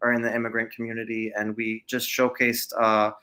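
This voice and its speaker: A man's voice: medium pitch, completely flat delivery, fairly quick, pushed and bright. A man chatting as a guest in an interview, hesitant and modest, with many fillers and restarts, in a restaurant. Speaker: actor and piano teacher, guest. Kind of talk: casual interview chat.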